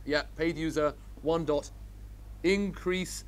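A man's voice: a little high, slow pace, slight background noise. A man teaching a programming class, upbeat and quizzing his students as he goes. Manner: enthusiastic, asks the class questions. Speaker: instructor. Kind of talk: live coding lecture.

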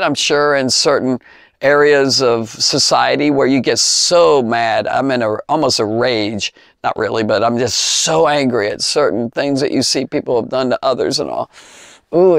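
Gravelly, animated man teaching the Bible. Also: medium pitch, no room sound, studio quality. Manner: emotional, laughing, voice rising with enthusiasm.

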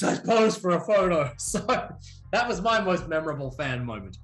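A man who is a singer and former wrestler, telling stories as an interview guest in a theatrical way and breaking into loud shouted calls, heard over a video call. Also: a little high, sing-song, normal speed, reverberant, soft background music. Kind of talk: animated storytelling in an interview.

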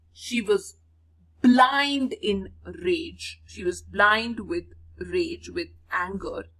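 A teacher, reading a story to pupils and explaining words by repeating them and giving synonyms. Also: female voice, on the low side, a bit bright, husky, poor audio. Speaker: English teacher. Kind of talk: reading a school lesson aloud and explaining words.

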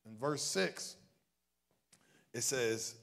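A male minister preaching a livestreamed sermon in a casual, joking way, swinging from soft asides to loud, high cries. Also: animated, very slow, creaky. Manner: casual and joking between points.

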